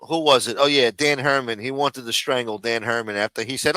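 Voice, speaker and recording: A man's voice: medium pitch, brisk, few pauses, sharp tone, no room sound, low-quality recording. A man hosting a live stream, ranting and mocking in casual, profanity-heavy talk. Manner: profane, mocking, rambling rant.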